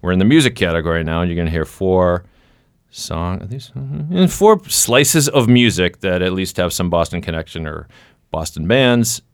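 A man's voice: deep voice, big pitch swings, moderate pace, clean tone, no room sound, studio quality. A man hosting a podcast quiz game, teasing his guest in a playful, casual way. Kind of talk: casual chat.

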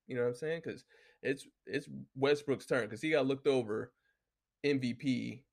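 A man's voice: medium pitch, normal speed, gravelly. A man talking casually and heatedly, cursing constantly and filling his speech with "you know what I'm saying" as he reads off his notes. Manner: profane, heated, full of fillers. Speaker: solo commentator reading from notes. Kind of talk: casual rant and sports talk.

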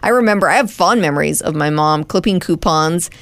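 A woman co-hosting a radio show, chatty and opinionated, quick to laugh. Her voice is low for a woman, and it sounds dry and close on a studio mic. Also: fairly bright tone, dry recording. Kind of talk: bantering radio show talk.

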